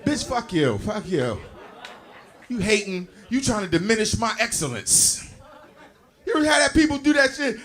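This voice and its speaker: A man's voice: high voice, animated, moderate pace. Punchy man in his forties doing stand-up. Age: 40s. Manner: loud, punchy, acts out body parts talking. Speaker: stand-up comedian. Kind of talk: stand-up routine.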